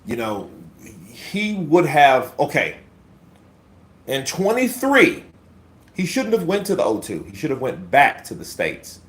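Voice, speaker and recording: A man's voice: a little high, wildly swooping pitch, measured pace. A man hosting casual boxing commentary on a livestream, blunt and profane, talking to his chat as bro.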